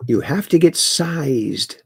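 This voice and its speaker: A man's voice: on the high side, expressive, takes it slowly, creaky, husky, dry recording, clean studio sound. A man hosting a casual livestream, reading viewer comments aloud and mocking the news with chuckles. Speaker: livestream host.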